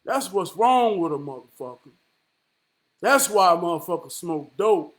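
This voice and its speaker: A man with a high voice preaching an impassioned monologue, blunt and profane. His pitch swings widely as he hammers home rhetorical questions, and he keeps dropping "man" at the end of lines. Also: animated, unhurried. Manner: repeats "man" as a filler.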